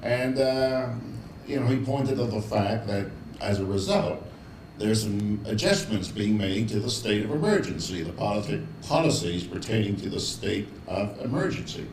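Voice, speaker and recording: A man's voice: on the low side, normal speed, darkish tone, recorded from a distance, a little hiss or hum. A man hosting a live show, chatting casually, reading out viewer comments and chuckling along the way. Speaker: show host. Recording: roomy echo.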